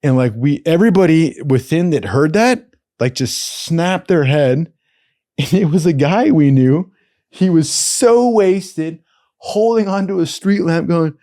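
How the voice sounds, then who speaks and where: A man's voice: a little high, unhurried, no room sound, studio quality, faint music behind. A man telling wild stories in a casual, profane, rambling way, full of slang and asides. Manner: profane, animated, slangy with "dude". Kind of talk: casual storytelling.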